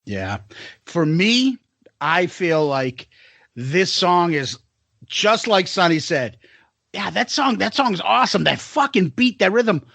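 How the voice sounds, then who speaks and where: Gravelly high-voiced man, lively chat. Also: takes it slowly, no room sound. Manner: swears a lot, acts out lines in voices. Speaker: podcast co-host. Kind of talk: casual chat, crude and animated.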